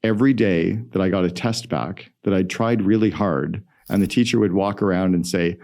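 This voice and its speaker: A middle-aged man, a guest entrepreneur, telling stories in an energetic, emphatic way in a podcast interview. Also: low voice, normal speed, gravelly, few pauses.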